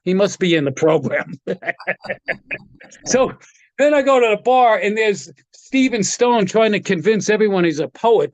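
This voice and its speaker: A middle-aged man with a fairly high speaking voice tells rambling stories as an interview guest. He acts out the voices of the people he quotes, laughing often. The sound is dry and close. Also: no echo. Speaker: guest, guitar tech. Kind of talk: casual storytelling interview.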